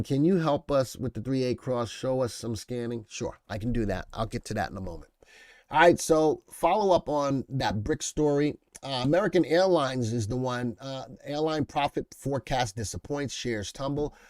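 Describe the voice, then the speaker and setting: A man hosts a casual live stock market stream in an easy conversational voice that sits at a middle pitch. He reads headlines, riffs on them and calls out viewers in the chat by name. The sound is close and dry, with no room around it. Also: a little mellow, dry recording. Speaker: livestream market show host.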